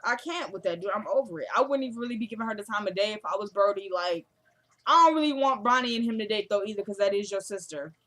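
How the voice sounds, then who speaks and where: A woman's voice: medium pitch, fast talker, sharp tone. Chatty young woman recapping a show. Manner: chatty, retells dialogue with "she's like". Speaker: recap vlogger. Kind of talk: casual episode recap.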